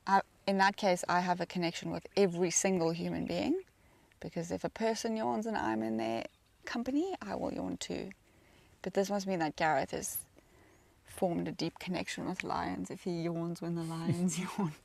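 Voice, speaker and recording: A woman's voice: lowish voice, steady tone, moderate pace, vocal fry, a little mellow. A woman presenting a live safari broadcast, chatting easily and reading out viewer comments with a laugh.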